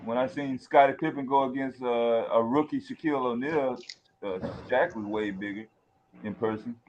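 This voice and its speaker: A man's voice: medium pitch, moderate pace, a little mellow. A man chatting casually on a sports watch-along stream in a laid-back way. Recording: muffled lo-fi audio, faint noise.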